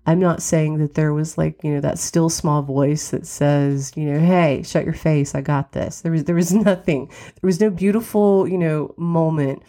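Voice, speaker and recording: A middle-aged woman with a low, mellow voice hosts her podcast alone. She tells a personal story candidly and reflectively. A lingering cold sometimes catches her voice. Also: fairly even intonation, moderate pace. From West Virginia. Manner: candid, reflective, wry laughs. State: has a cold, occasional cough. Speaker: podcast host.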